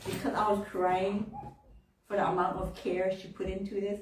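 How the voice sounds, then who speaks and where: A woman minister giving a heartfelt personal testimony to her congregation, laughing often and jumping up in pitch when she gets excited. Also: normal speed, slight background noise. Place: church hall. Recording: roomy room, voice from far off.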